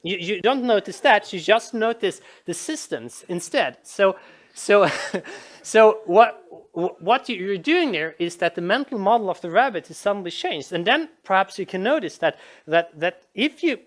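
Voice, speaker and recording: A woman's voice: medium pitch, expressive, normal speed. A woman giving a casual, rambling game design commentary, with frequent restarts and repeated words. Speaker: video essayist.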